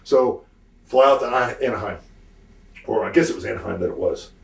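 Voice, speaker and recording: Middle-aged man telling a lively story. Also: lowish voice, brisk, creaky. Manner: animated storyteller acting out quoted voices with fillers. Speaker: interview guest, former wrestler. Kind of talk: casual storytelling interview. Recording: roomy, distant mic.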